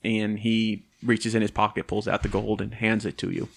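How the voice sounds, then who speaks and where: A man's voice: lowish voice, moderate pace, gravelly. A man narrating as game master in a casual tabletop role-playing session. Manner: relaxed, laughs at own dice rolls.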